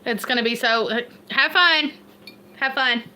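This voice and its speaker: On a homestead livestream, a Kentucky woman with an Appalachian accent chats and rambles casually, laughing at herself. Her voice is high and a little slow with a sharp tone, and there's slight background noise.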